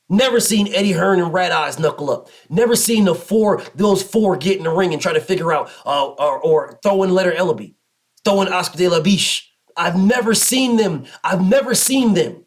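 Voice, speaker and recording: Male host, slightly high voice, emphatic and repetitive commentary rant. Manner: emphatic, repetitive, mocks others in low put-on voices. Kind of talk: passionate solo commentary rant.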